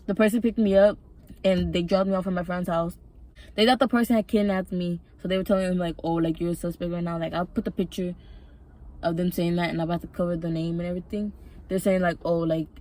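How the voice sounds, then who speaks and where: Low-voiced woman telling a rambling story. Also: darkish tone. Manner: rambling, profane, emotional storytelling. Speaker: vlogger. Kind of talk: casual storytime vlog.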